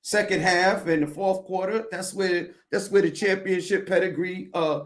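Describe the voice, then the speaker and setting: A man's voice: high-pitched, steady tone, normal speed. A man giving football analysis in a casual sports talk, thoughtful and hesitant. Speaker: guest sports commentator.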